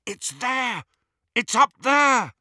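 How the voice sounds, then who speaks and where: A man lifts his voice into a teenage boy wizard, raised and pressing, every line urgent. He sounds bright and tense, caught mid-peril in a read-aloud story. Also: sits high, sing-song, measured pace, no room sound, clean studio sound, voice pushed up, full character voice. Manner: urgent, breathless pleading.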